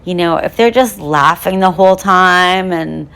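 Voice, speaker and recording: A woman's voice: fairly low pitch, measured pace, gravelly, fairly bright tone, clean tone. A young woman hosting a true crime podcast who talks in a chatty, bubbly way with lots of fillers. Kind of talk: casual podcast monologue.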